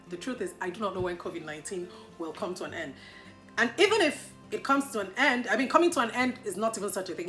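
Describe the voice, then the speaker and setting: Bright-voiced Nigerian woman vlogger. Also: on the low side. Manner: animated, playful, mock-indignant outbursts. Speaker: YouTuber answering viewer questions. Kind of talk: casual Q&A vlog.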